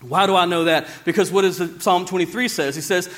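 A man's voice: sits high, fast, hardly any pauses, fairly bright tone. A man pastor preaching a sermon in church, emphatic and repetitive, often restarting his words. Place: church service, also streamed to another campus.

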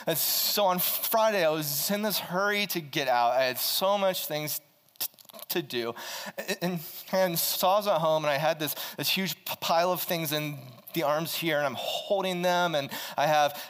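In a church's large hall, a man preaching as a pastor tells a personal story with animation, often stammering and restarting. His pitch runs fairly high.

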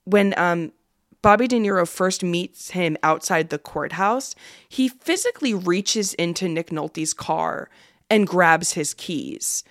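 A co-host of a casual film podcast, talking loosely with plenty of fillers and quick laughs. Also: medium pitch, fairly bright tone, no room sound, clean studio sound.

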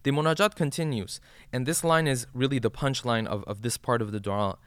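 A man teaches an old supplication, putting each line into plain words and often checking in with a quick "right?". His voice is smooth and clear, and it sits at an ordinary middle pitch. The recording is close and dry, with no room sound. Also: no echo. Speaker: religious teacher. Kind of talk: explaining a supplication to listeners.

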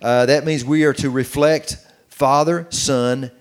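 A middle-aged man preaching on marriage, reading scripture slowly and commenting as he goes. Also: mid-range voice, fairly even intonation. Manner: earnest, reads scripture slowly with running commentary. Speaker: pastor teaching on marriage. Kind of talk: sermon-style Bible teaching.

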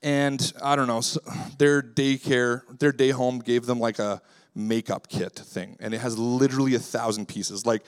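A male pastor preaching a sermon in a relaxed, conversational way, weaving in stories about his daughters and acting out what he says to them. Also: mid-range voice, moderate pace, clean tone. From Canada. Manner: lively, acts out his own voice when quoting himself.

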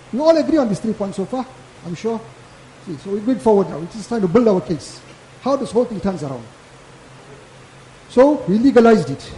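A man gives a Friday sermon in a very high, lively voice that is mellow in tone. He talks casually and hammers each point by repeating it. The sound is echoey, as in a mosque hall. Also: fairly quick, long pauses, slight background noise. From South Africa. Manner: casual, repetitive and emphatic preaching. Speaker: maulana giving a Friday lecture.

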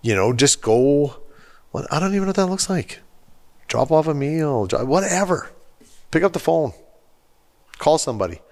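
A man's voice: on the high side, big pitch swings, normal speed, pauses often, a little mellow. A man hosting a podcast, talking in an earnest and emphatic way in casual conversation. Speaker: podcast host.

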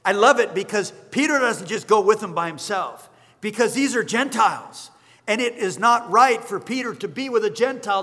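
A male pastor preaches in a church sanctuary, his bright, high voice ringing out. He tells the story with animated energy and acts out each character's lines. A long reverb trails behind every phrase. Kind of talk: sermon.

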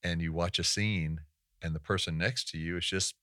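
A man co-hosting a podcast, soft-spoken and thoughtful, adding quiet reflections to a casual conversation. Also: low-pitched, steady tone, normal speed, dry recording, studio quality. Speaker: podcast co-host.

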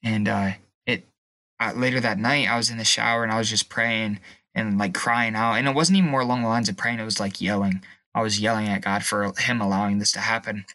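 Tearful young man with a bright voice. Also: fairly low pitch, fairly even intonation, no room sound. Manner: emotional, halting, pauses and restarts. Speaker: guest. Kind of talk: personal testimony.

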